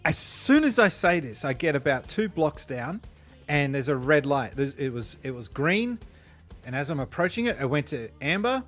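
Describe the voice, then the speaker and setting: A man chats casually while streaming a game, his voice sitting a touch high. He wanders through off-the-cuff, profane anecdotes and laughs often, with faint music playing behind him. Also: sing-song, moderate pace, a bit bright. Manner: rambling, profane anecdotes with frequent chuckles. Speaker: gaming streamer. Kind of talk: casual gameplay chat.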